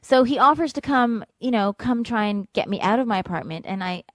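A woman telling a personal story in vivid, dramatic fashion, dropping to a hush and rising again. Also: a little high, animated, fairly quick, dry recording. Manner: vivid, dramatic, ranging from hushed to loud.

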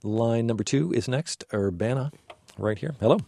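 A man's voice: mid-range voice, normal speed, vocal fry, dark tone, dry recording. A man hosting a radio call-in show, easygoing and brief as he moves calls along. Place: radio studio.

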